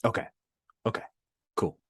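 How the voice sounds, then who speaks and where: A man's voice: moderate pace, fairly bright tone, no room sound, studio quality. A man running a tabletop role-playing game, casual and checking in with his players. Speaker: game master.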